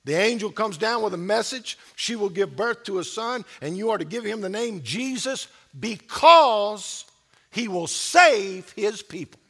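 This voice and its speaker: Male pastor, very high gravelly voice, slow, bright tone; preaches with shouted refrains. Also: lively intonation. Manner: preaching with rising, shouted repetition. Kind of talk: sermon.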